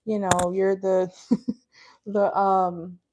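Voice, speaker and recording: A woman's voice: medium pitch, flat delivery, very slow, a little mellow, highs cut off, a little hiss or hum. A woman from Minnesota with a Minnesotan accent, giving a casual, blunt, talkative tarot reading from her car, full of fillers and laughter. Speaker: tarot reader. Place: parked car.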